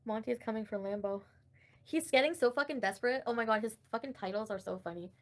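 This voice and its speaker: A woman with a slightly high voice hosts a loose, unscripted livestream. She talks bluntly and profanely and mocks the people she discusses. She laughs often as she talks. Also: fast. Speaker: livestream host reacting to online drama. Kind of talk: casual unscripted livestream commentary.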